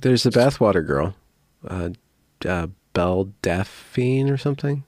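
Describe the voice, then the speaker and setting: A man's voice: on the low side, lively intonation, measured pace, darkish tone, dry recording, clean studio sound. A man hosting a podcast in casual chat, loose and hedging with fillers. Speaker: podcast host.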